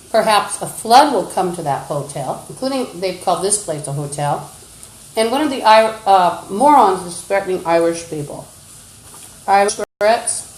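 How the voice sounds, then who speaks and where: A woman's voice: fairly low pitch, a little mellow, roomy sound, a little hiss or hum, poor audio. A woman livestreaming, ranting in an agitated, insulting, accusatory way into a phone. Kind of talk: rambling livestream rant.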